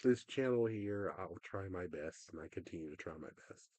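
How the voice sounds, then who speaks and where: A man's voice: deep voice, lively intonation, normal speed, a little mellow, dry recording. A young man livestreaming, talking in a rambling, frustrated way that often trails off. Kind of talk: casual livestream rant.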